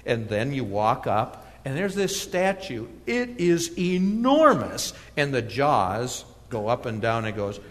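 A man's voice: mid-range voice, sing-song, slow pace, hardly any pauses, in a large hall. A middle-aged male pastor preaching a sermon, telling a personal story with laughs and restarts before reading scripture. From Minnesota.

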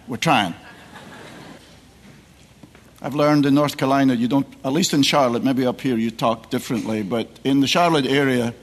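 Scottish man preaching in a big church hall. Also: medium pitch. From Scotland. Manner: warm, conversational with joking asides, rising to emphatic preaching. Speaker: guest preacher. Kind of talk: sermon. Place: large church sanctuary. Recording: long church hall reverb.

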